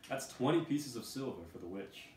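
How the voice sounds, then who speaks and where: A man voicing a gruff, bossy male head guard who barks out prices for captives in a comic storybook reading. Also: lowish voice, big pitch swings, moderate pace. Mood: barking. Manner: barking orders. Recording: roomy, distant, noisy room.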